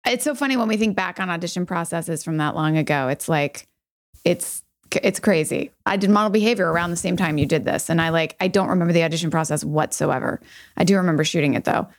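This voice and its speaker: A woman's voice: lowish voice, fast. A woman co-hosting a podcast, bubbly and enthusiastic, gushing in a casual chat. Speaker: podcast co-host.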